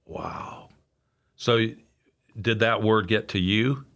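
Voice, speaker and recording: A man hosting a podcast interview, giving brief affirmations and asking gentle questions. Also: on the low side, steady tone, slow pace. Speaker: podcast host.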